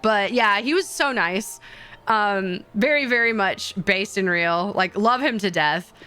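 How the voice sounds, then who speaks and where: A young woman streamer chatting with her viewers, rambling and excitable, with many fillers and sudden high squeals. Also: unhurried, smooth. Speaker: VTuber streamer. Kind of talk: casual stream chat with viewers.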